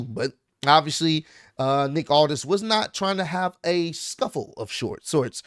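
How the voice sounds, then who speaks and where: A man with a fairly high voice talks through a wrestling show in an easygoing, slangy vlog style. He tells it with energy and quick asides. The sound is dry and close, with no room around it. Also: no room sound. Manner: animated, slangy storytelling. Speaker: wrestling recap vlogger. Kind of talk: casual show recap.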